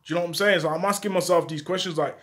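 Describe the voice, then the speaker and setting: A man telling a true story from his own life in casual, slang-heavy street talk, with an animated delivery. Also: high-pitched, very fast.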